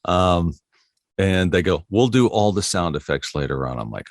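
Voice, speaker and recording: In a relaxed interview, a middle-aged man who does voiceover work tells easygoing stories about his job, chuckling frequently. His low-pitched voice runs a little slow, and the studio-quality recording has no echo.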